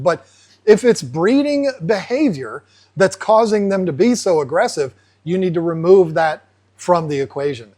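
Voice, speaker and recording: A man hosting an aquarium channel, explaining casually and acting out fish in playful asides. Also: high-pitched. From United States. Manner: animated, acts out fish voices in asides.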